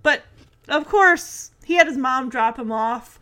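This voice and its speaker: A woman in casual chat mode, walking through a TV episode scene by scene. Her voice is high and bright. She keeps throwing in sarcastic asides. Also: a little slow. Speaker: TV episode recapper.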